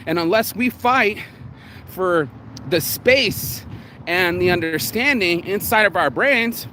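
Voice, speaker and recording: A man with a fairly high voice talks straight to the camera in a blunt, profane motivational vlog. He keeps slipping into quick acted quotes. Faint outdoor ambience and passing traffic sit under his voice. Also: fairly bright tone. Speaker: motivational vlogger. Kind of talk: casual motivational talk.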